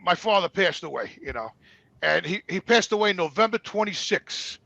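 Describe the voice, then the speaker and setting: With a high, creaky voice at a normal pace, a New York man in his sixties casually tells stories about being a talk show guest, blunt, profane, and animated in the retelling. He has a New York accent. The recording is dry and the highs are cut off.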